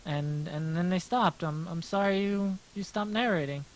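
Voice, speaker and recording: This artist's voice sits high and moves at a moderate pace, captured in a low-quality recording. Sketching on his livestream, he chats casually, rambles, jokes at his own expense, and keeps restarting.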